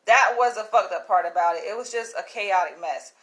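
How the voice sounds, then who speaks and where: A woman vlogging, telling a story in a casual, animated way, swearing freely, laughing and acting out what others said. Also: medium pitch, fairly quick. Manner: animated, profane, laughs often, acts out quotes.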